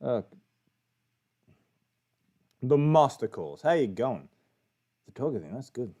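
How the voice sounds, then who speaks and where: A man's voice: medium pitch, very animated, slow, mellow. A young Australian man in a casual, profane, jokey chat, telling a story as a livestream guest.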